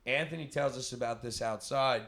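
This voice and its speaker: Profane, animated podcast co-host man. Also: medium pitch, moderate pace, creaky. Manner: profane, teasing, animated storytelling. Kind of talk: casual crude banter. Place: podcast studio.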